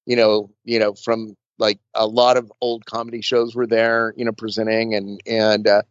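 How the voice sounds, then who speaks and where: A makeup artist being interviewed, telling stories in a chatty, rambling way with lots of fillers and restarts. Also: male voice, fairly low pitch, completely flat delivery, moderate pace, no room sound. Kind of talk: casual storytelling interview. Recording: dull lo-fi dry sound.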